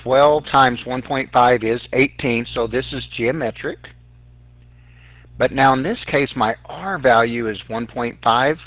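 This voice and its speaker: A man's voice: medium pitch, a little slow, no echo. A male math teacher walking students through sequences step by step on a calculator, talking to them directly as "guys". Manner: explains calculator steps aloud, addresses students as guys. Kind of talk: recorded math lesson. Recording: dry, tinny phone-like sound.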